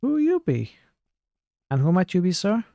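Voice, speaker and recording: Male streamer voicing a drunk, shifty gent with a squeaky, slurred bluster. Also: wildly swooping pitch, moderate pace, gravelly, mellow, no room sound, exaggerated voice. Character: drunken shifty male gentleman, secretly an assassin.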